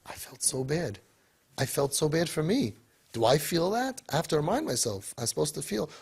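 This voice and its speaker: Husky-voiced man giving an animated talk. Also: on the high side, normal speed. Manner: animated, repetitive, rhetorical questions. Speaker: speaker to parents. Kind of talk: motivational talk.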